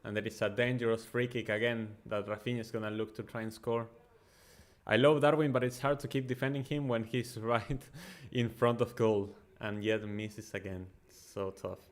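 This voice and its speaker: A man hosting a football watchalong, giving excitable, chatty live commentary with frequent ums and uhs. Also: lowish voice, normal speed. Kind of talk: casual live match commentary and chat.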